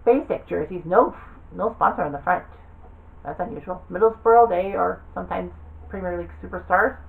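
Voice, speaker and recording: A woman's voice: fairly low pitch, normal speed, gravelly, phone-quality sound. A woman giving offhand, rambling commentary while browsing a game, thinking aloud as she goes. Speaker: gaming video creator.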